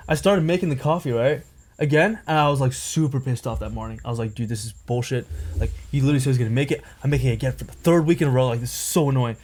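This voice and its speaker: Fast-talking young man telling a story. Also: medium pitch, a little mellow. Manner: rambling, packed with "like" and "right?". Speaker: podcast co-host. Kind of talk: casual storytelling chat.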